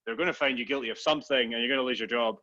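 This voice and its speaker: A man's voice: medium pitch, very fast, pushed and bright, highs cut off. A man co-hosting a casual podcast, rambling and swearing as he tells stories. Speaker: podcast co-host. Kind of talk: casual banter.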